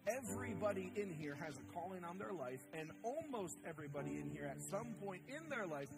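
Male pastor, young adult, animated sermon delivery with acted-out voices, higher-pitched speaking voice, music bed under him. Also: brisk. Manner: animated preaching, acts out voices with wide swings in pitch. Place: church sanctuary.

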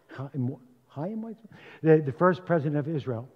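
Rabbi in his seventies, male, sermon storytelling with sudden volume swings; slightly high voice, captured dull in a reverberant sanctuary. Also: brisk. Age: 70s. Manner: dramatic storytelling with sudden loud and hushed swings. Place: congregation's sanctuary. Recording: dull, with long hall reverb.

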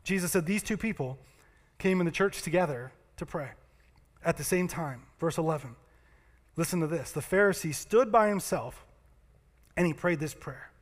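In a large hall serving as a church sanctuary, a pastor with a voice on the high side speaks at a moderate pace, pausing often. His sermon is conversational storytelling, and he acts out the voices of its characters.

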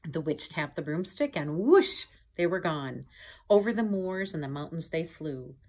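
A woman reading a picture book aloud to children, pausing to point at pictures and ask them questions in a gentle way. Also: deep voice, lively intonation. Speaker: storytime reader. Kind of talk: children's storytime read-aloud.

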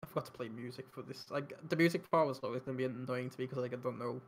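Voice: mid-range voice, rapid-fire. Laughing, flustered game master. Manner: laughs often, flustered and excitable. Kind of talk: casual chat running an online tabletop game.

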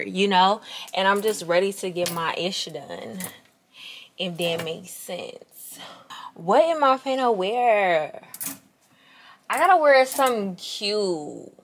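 A young woman chats to her camera in a casual vlog, slangy and unhurried, as if talking to friends. She keeps a relaxed, slow pace and speaks at an average pitch. A faint noise sits under her voice. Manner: chatty, slangy, talks straight to viewers as "y'all". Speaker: vlogger.

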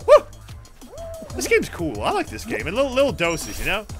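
A British man giving casual live commentary while streaming a game, swearing freely and yelling at the other players. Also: high-pitched, fast talker, faint music behind. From Britain. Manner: profane, excitable, yells at other players.

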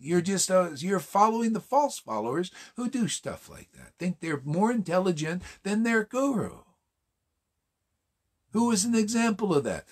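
A man giving an informal morning class sermon, casual and emphatic, full of rhetorical questions and slang. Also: sits high. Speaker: spiritual teacher.

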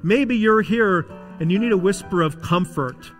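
A man preaching a sermon as pastor in a church, with dramatic delivery that swings between loud emphasis and hushed tones. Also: high voice, a little slow, long reverb tail, faint music behind. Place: church sanctuary.

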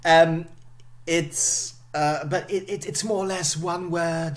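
A man's voice: fairly even intonation, unhurried. A middle-aged man giving a university lecture, explaining patiently and dotting his talk with "okay" and "um". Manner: explanatory, frequent "okay" and "um", voice drops low at phrase ends.

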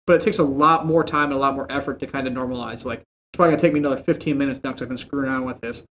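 A man's voice: mid-range voice, steady tone, racing, a bit bright, a little hiss or hum. A man hosting a casual how-to video, chatty and informal, talking straight to the viewer from a home setup. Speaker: tech tutorial host. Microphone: desktop mic with processing plugins.

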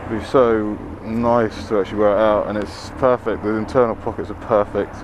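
Riding through town on his motorbike, a man with a fairly low, steady voice talks fairly quickly to the camera, ranting and swearing at other traffic. Highs are cut off in the recording, and wind and traffic noise are loud.

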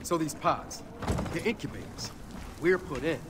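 A man's voice: on the high side, normal speed, background noise, lightly acted. An actor playing a wisecracking young male soldier in a video game, with dry joking remarks. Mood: wry.

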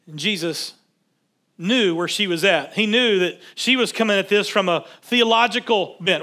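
A man preaching a sermon in a relaxed, conversational way, reading scripture aloud and stopping to comment on it. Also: sits high, moderate pace. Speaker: pastor.

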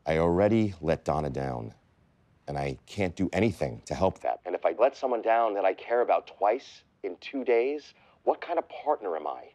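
A man's voice: deep voice, expressive, moderate pace, warm tone. An actor playing a brash, anxious male lawyer who talks bluntly and emotionally. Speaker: law firm partner.

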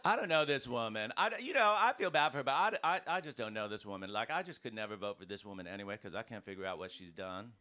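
An American man doing a stand-up comedy set in a club, ranting with punchy, animated delivery. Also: fairly low pitch, fast talker, hardly any pauses. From United States. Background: audience laughter.

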